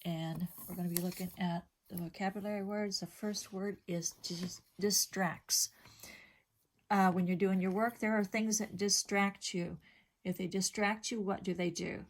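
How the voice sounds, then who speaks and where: A woman's voice: mid-range voice, steady tone, normal speed. A middle-aged woman teaching a vocabulary lesson to young children, patiently explaining each word with simple examples and questions.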